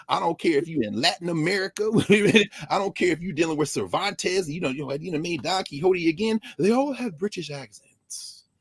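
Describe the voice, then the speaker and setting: A man speaking as a guest scholar on a talk show, telling stories in an animated way, acting out quoted exchanges and scattering "you know" through his speech. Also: a little high, slightly rough, no room sound. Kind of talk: animated talk-radio commentary.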